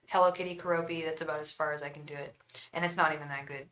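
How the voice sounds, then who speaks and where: A tarot reader with a low, a bit bright, fairly even voice talks very fast on a live stream, with poor audio and slight background noise. Rambling and chatty, she addresses viewers by name, calls them "girl" and "hun," and murmurs a repeated invocation as she shuffles cards during this casual chat and reading.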